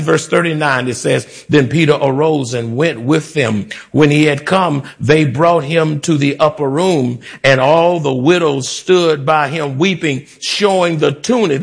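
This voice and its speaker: Slow-preaching man with dramatic swells. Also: medium pitch, gravelly, husky. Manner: slow, drawn-out preaching with emotional rises and hushed drops. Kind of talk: sermon.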